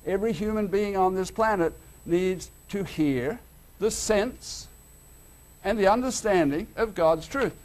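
An Australian man preaching a sermon to a congregation, animated and theatrical, dropping to a hush and then rising loud. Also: sits high, a little slow. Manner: animated, swings between loud and hushed.

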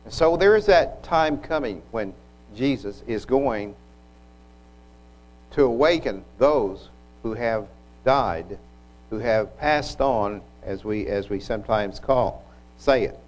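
A man delivers a sermon, walking through a scripture passage at a very slow, deliberate pace. His pitch sits in an ordinary middle range, and he pauses and restarts now and then as he reflects aloud. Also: lively intonation, darkish tone, low-quality recording. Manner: unhurried, reflective, with occasional restarts. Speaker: preacher.

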